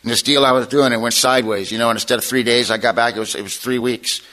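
Speaking fast with a medium pitch and fairly even intonation, a forceful, bright-voiced man shares his personal testimony at a meeting. He comes across as middle-aged and practiced at speaking to groups, telling it informally like a folksy storyteller with some dry wit. The audio quality is rough.

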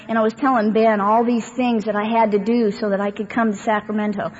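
At a recovery meeting, a woman with a slightly high voice shares her own story with a live audience, talking fast with fairly even intonation and hardly any pauses. Her delivery is rambling and conversational, heavy on fillers and wry humor. A dull, echoey hall recording carries a faint hiss.

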